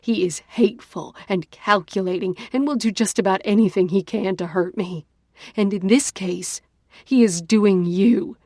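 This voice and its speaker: A woman voicing an angry, bitter young woman who accuses and shouts in an audiobook. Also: medium pitch, normal speed, dry recording, clean studio sound, natural voice. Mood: furious.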